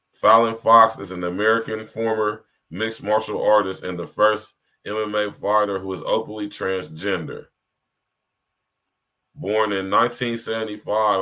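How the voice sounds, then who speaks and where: A man's voice: low-pitched, bright, forceful tone. A man hosting a podcast livestream, talking straight to his listeners in a rambling, emphatic monologue and often asking if they hear him. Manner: direct address to listeners, repetitive. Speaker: podcast host.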